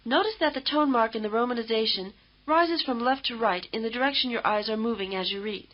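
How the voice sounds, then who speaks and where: A woman instructor giving measured, patient, scripted explanations in a language lesson. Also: fairly high pitch. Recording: dull lo-fi old course tape.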